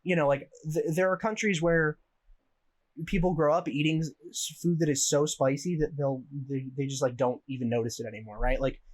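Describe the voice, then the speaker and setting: A man's voice: fairly high pitch, fairly even intonation, fairly quick. A young American man co-hosting a podcast, telling a story in a rambling way with lots of swearing and laughter. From United States. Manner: profane, rambling, laughs while telling stories. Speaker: podcast co-host. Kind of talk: casual storytelling chat.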